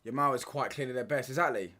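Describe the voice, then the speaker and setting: A man's voice: medium pitch, quick pace, sharp tone. A young man chatting casually on a football watchalong stream, reading chat and bantering in slang with stop-start restarts.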